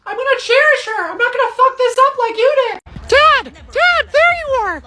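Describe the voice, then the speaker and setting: A young woman voicing a nervous, sarcastic teenage son who talks fast and flustered. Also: very high-pitched, expressive, pushed and bright, no room sound, voice pushed up, full character voice. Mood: exasperated.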